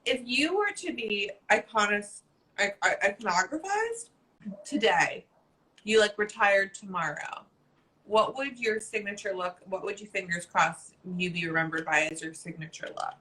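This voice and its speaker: A woman's voice: mid-range voice, expressive, normal speed, bright, forceful tone, low-quality recording. A woman hosting a casual chat, gushing and playful, swearing freely. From New Jersey. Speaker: host.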